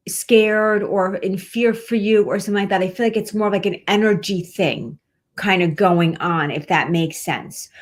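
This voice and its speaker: A woman hosting a live pet-medium show, chatting casually and rambling reassuringly with plenty of fillers. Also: mid-range voice. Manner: warm-hearted, reassuring, rambling with many fillers. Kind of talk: casual live-stream chat.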